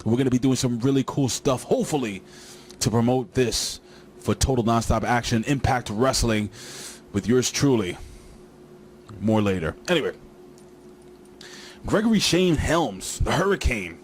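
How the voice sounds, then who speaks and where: A man's voice: mid-range voice, lively intonation, normal speed, long pauses, slight background noise. A man recapping a wrestling show in a casual, rambling way, joking and talking straight to his viewers.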